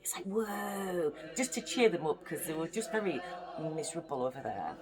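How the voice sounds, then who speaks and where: A woman's voice: sits low, lively intonation, normal speed. A young woman from the UK reading a children's bedtime story aloud, with chatty, playful asides to the listening children. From United Kingdom.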